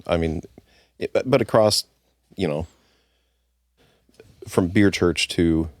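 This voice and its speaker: A man, a former brewery owner, talking casually as a guest in an interview, relaxed and halting with restarts. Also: sits low, dry recording. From United States.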